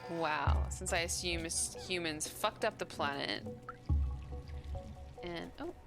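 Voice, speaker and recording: A young woman livestreams a video game, talking with her viewers and reacting out loud as she plays. Her voice sits fairly low and she speaks slowly, with game music behind her.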